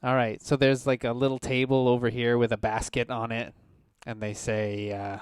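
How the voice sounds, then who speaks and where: A man's voice: mid-range voice, level tone, normal speed, hardly any pauses, smooth, no echo. A man acting as game master, narrating scenes and speaking for council members and guards.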